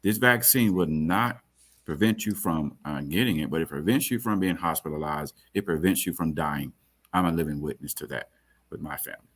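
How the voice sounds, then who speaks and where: A man with a very low voice speaks earnestly on a video webinar panel. He often repeats words as he searches for his point. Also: moderate pace, slightly rough.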